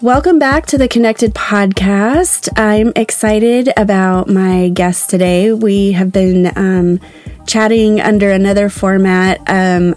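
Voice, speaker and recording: Woman, podcast host and life coach, hoarse from a cold, loose and chatty with lots of ums. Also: mid-range voice, a little mellow. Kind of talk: casual podcast chat.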